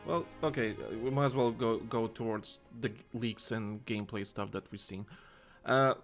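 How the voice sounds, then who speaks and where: A man's voice: lowish voice, steady tone, normal speed, soft background music. A man co-hosting a gaming podcast in casual chat, rambling with frequent restarts. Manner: rambling, restarts often, laughs and swears. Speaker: podcast co-host.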